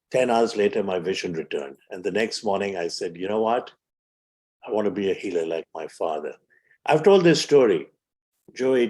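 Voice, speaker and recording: A man's voice: fairly low pitch, a little mellow. A man in his seventies from India, telling vivid stories as a podcast guest and acting out the voices he quotes. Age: 70s. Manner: vivid storyteller who acts out quoted voices. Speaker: physician guest. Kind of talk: storytelling in a podcast interview.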